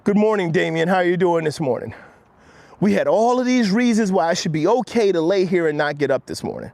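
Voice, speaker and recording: A man delivers an earnest pep talk while out on a walk, streaming live to his viewers. His pitch swings widely and sits a bit above the usual male range. He coaches steadily, and his voice drops low and quiet when he quotes himself. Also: animated, fairly quick, creaky, no echo. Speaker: motivational live-stream host. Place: outdoors on a walk.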